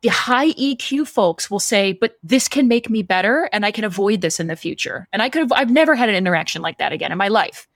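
A woman's voice: medium pitch, fast talker, hardly any pauses, dry recording, clean studio sound. A woman in casual podcast talk, telling a story and acting out the dialogue with lots of energy. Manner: animated, acts out quoted dialogue.

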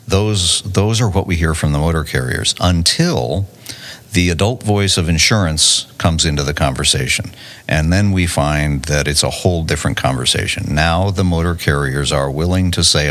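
A man's voice: sits low, moderate pace, fairly bright tone. A man, a company CEO, answering questions in a podcast interview with confidence, restarting and repeating words as he goes. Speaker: tech company CEO, guest. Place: conference venue.

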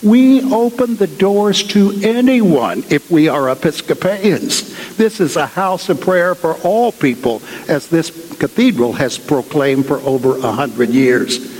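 A man's voice: fairly high pitch, unhurried. Man telling a story in a cathedral. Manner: conversational, animated retelling with asides. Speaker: guest speaker at a cathedral. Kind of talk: storytelling sermon. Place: large cathedral. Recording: long cathedral reverb.

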